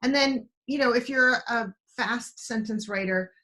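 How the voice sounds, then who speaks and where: A woman's voice: a little high, unhurried, sharp tone. A woman teaching a writing class over a video call, talking in a chatty, rambling way full of restarts and asides. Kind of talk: online writing class talk.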